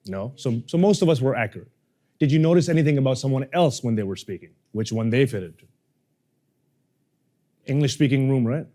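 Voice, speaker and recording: A man, a public speaking coach, teaching a workshop to a live audience, energetic and playful, often quizzing the room. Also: mid-range voice, fairly quick, long pauses.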